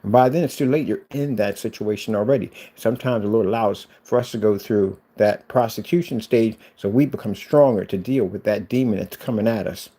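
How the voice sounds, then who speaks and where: A man giving a fast, excited walkthrough of his studio build, then turning to fervent religious exhortation. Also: fairly low pitch. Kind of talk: excited casual vlog, then preaching.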